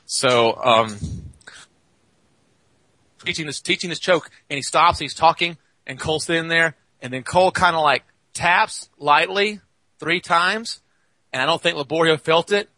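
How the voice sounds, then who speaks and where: Bright-voiced man telling gym stories. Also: fairly high pitch, unhurried, no echo. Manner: rambling, animated anecdotes. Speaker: jiu-jitsu coach. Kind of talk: casual podcast storytelling.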